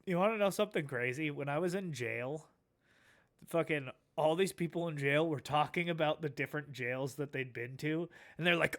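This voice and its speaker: A man's voice: on the high side, bright, forceful tone. A man streaming a casual reaction, laid-back, swearing a lot and laughing often.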